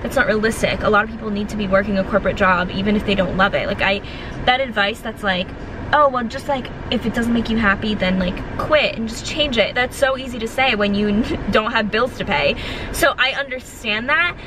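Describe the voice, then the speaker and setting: A young woman in her twenties talks casually to her viewers, earnest and rambling with lots of "like". Her voice sits a little high. Steady traffic noise runs behind her. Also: brisk. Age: 20s. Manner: chatty, earnest, full of filler "like". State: emotional, close to tears. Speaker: vlogger. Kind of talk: casual vlog chat.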